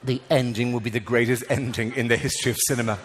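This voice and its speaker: An Irish man doing a stand-up comedy routine in a theatre, animated and loud, breaking into mock voices and singing. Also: mid-range voice, quick pace, big-room sound, slight background noise. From Ireland. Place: large theatre before a live audience.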